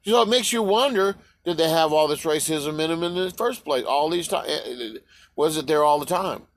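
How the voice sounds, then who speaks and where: A vlogger rants heatedly to camera, swearing, firing off rhetorical questions and stumbling through restarts. His voice is on the high side and fairly quick.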